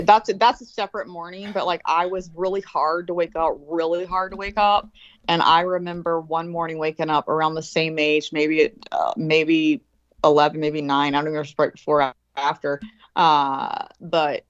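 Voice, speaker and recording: A woman, telling a story in a casual chat, animated and swearing freely, acting out quoted voices. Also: sits low, no echo. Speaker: guest. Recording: dull lo-fi call audio.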